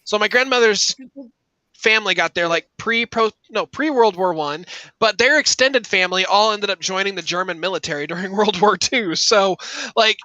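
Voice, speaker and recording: A man's voice: sits high, normal speed, pushed and bright, no echo, dull audio. A man co-hosting a casual podcast chat, rambling and swearing, laughing often. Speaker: podcast co-host.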